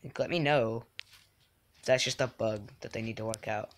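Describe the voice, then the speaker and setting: A young man casually commenting on his own game live, excitable and quick to get frustrated at other players. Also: lowish voice. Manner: excitable, swings from mumbling to yelling in frustration. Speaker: game streamer.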